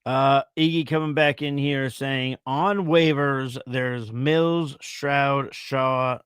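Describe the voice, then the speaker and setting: A man's voice: medium pitch, steady tone, slow, fairly bright tone, clear, resonant tone, dry recording, clean studio sound. A man co-hosting a casual fantasy football show, reading viewer questions aloud and thinking through answers with easy fillers.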